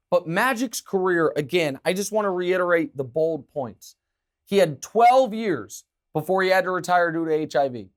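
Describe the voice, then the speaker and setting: A man with a slightly raised pitch hosts a sports talk show from a studio. He argues his opinions emphatically and animatedly, moving between punchy assertions and drawn-out, measured points.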